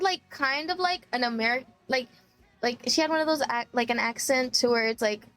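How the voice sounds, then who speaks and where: A woman from Texas, streaming and telling an animated, swear-filled travel story with laughs. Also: fairly high pitch. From Texas, USA. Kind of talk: casual storytelling chat.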